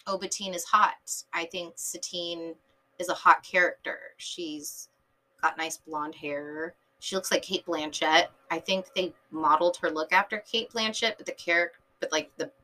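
A woman's voice: sits low, sharp tone, poor audio. A tired woman hosting a casual fan podcast, rambling late at night with lots of fillers. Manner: rambling, filler-heavy, enthusiastic fan talk. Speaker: podcast host reviewing a TV episode. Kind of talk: casual chat.

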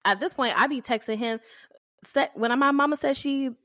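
A woman's voice: high-pitched, normal speed, fairly bright tone, dry recording, studio quality. A young woman co-hosting a casual podcast, telling stories animatedly and swearing freely. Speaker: podcast co-host. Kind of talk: casual chat.

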